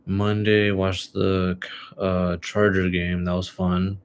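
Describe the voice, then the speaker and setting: A man's voice: low voice, monotone, takes it slowly, slight background noise. A young man hosting a solo podcast, chatting about his week and sports picks in a rambling, laid-back way full of fillers. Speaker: podcast host. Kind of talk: casual solo podcast chat.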